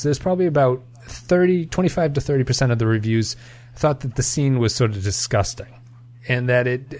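A man co-hosting a casual podcast about a film, weighing each point thoughtfully. His voice sits at an ordinary middle pitch, and he talks in an even, analytical way, often restarting his sentences. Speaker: podcast co-host.

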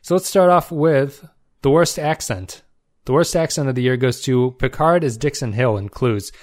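A man's voice: mid-range voice, normal speed, a little mellow. Casual man reviewing episodes. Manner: conversational, frequent fillers and restarts. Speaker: podcast host. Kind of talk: casual solo review podcast.

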